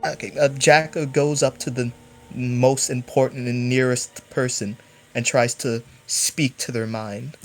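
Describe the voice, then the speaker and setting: A man's voice: mid-range voice, flat delivery, measured pace, soft background music. A man playing a tabletop game, describing his character eagerly with many filler words. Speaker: player.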